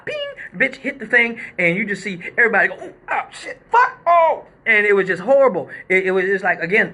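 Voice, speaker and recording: A man hosting a live show, telling a story in a casual, animated, profane way and acting out quotes and sound effects. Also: high-pitched.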